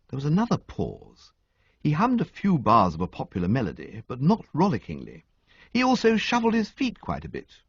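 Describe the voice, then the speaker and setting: A man narrating a comic audiobook with an expressive, sweeping storytelling delivery, on a dull, dry recording. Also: mid-range voice, moderate pace, gravelly, slightly rough, dry recording.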